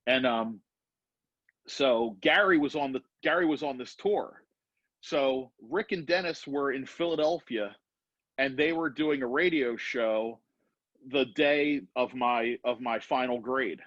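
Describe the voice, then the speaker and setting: A man's voice: mid-range voice, a little slow, a bit bright, no echo, dull audio. A man telling a story in casual podcast talk, acting out the voices of the people he quotes. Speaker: podcast guest.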